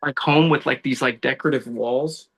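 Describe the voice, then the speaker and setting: A man, a law enforcement officer, telling personal stories as a guest in a casual podcast conversation, animated and full of "dude" and "bro.". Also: mid-range voice, normal speed, vocal fry, slightly rough. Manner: animated storytelling, says dude and bro a lot.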